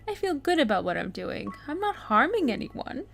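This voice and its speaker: A woman voicing a scruffy old man who lives rough in a video game, gruff and then gently pleading. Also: sits high, very animated, normal speed, slight background noise, pitched above the performer's own voice, exaggerated voice. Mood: earnest. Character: scruffy old male wild-living camper.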